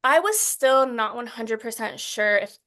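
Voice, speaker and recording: Woman in her 30s on an interview, kinda higher voice, earnest and halting, lots of restarts. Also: lively intonation, a bit bright. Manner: gets emotional while recounting. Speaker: interview guest. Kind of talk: emotional personal interview.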